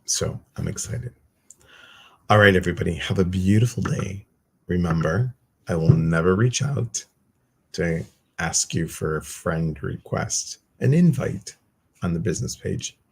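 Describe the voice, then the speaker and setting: A man's voice: sits low, expressive, a little slow, creaky, breathy edge. A man hosting a meditation group livestream, giving casual, chatty announcements with a loose, self-teasing manner.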